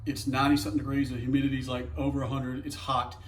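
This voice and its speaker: A man's voice: mid-range voice, flat delivery, quick pace, a little hiss or hum. A man with a Southern US accent talking casually and profanely as he vlogs a truck repair in his home garage, rambling and exasperated. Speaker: DIY truck vlogger. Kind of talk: casual workshop vlog rant.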